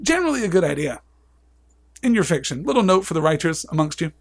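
A man's voice: fairly high pitch, very animated, fast, gravelly. A man presenting a live-streamed book discussion, reading passages aloud and adding wry, chatty asides.

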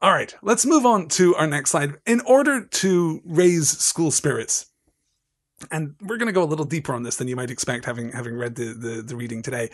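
A man lectures on literature over slides, animated and enthusiastic. His voice sits a little high for a man. He digresses freely, then dissects the text with close, analytical care. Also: brisk. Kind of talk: literary lecture with slides and read-aloud passages.

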